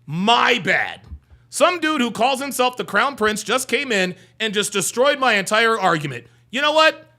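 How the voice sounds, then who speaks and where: A man hosting a live stream, firing back at chat comments in a profane, mocking rant. His voice sits high and leaps all over the place, with a bright, forceful tone. He sounds animated and scornful throughout. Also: moderate pace. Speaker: livestream host reading chat.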